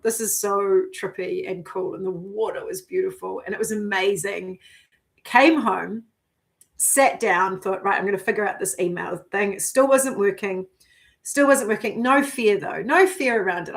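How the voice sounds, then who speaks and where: A middle-aged woman telling her own story in a loose, chatty vlog. Her voice sits at an ordinary pitch for a woman. She is animated and giggly, swears offhandedly, and quotes her own thoughts aloud as she goes. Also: moderate pace, creaky. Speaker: vlogger. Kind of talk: casual personal storytelling.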